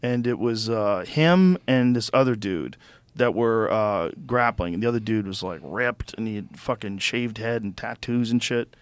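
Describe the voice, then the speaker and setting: Pria pembawa podcast yang bersemangat dan suka mengumpat. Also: male voice, fairly low pitch, moderate pace, smooth, dry recording. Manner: animated, swears freely, explains with enthusiasm. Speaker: podcast host. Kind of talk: casual studio chat. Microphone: studio microphone.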